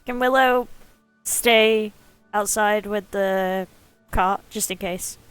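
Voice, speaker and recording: A woman playing a tabletop game, speaking slowly and amused. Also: medium pitch, fairly even intonation, fairly bright tone, smooth, faint music behind. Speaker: player. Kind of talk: casual tabletop play.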